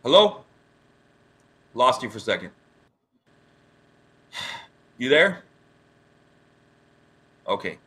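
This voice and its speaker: A man's voice: medium pitch, sing-song, very slow, long pauses, pushed and bright. A man hosting a live-streamed interview over a video call, talking with upset passion and repeating himself. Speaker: online news show host.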